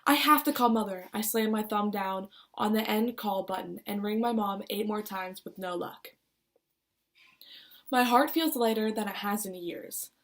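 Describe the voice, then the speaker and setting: A woman's voice: medium pitch, measured pace, fairly bright tone. A young woman reading her own personal essay aloud, putting feeling into her quoted lines. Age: young adult. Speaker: student reader.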